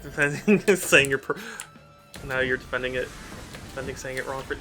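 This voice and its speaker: A man's voice: medium pitch, moderate pace, pushed and bright, soft background music. Playful, bickering man streaming a game. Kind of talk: casual live-stream chat with viewers.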